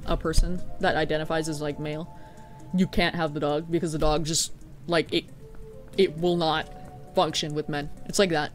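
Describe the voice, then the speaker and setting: Male game streamer, casual chat with viewers, rambly and filler-heavy, quick to laugh and swear. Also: fairly high pitch. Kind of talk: casual gameplay commentary, chatting with viewers.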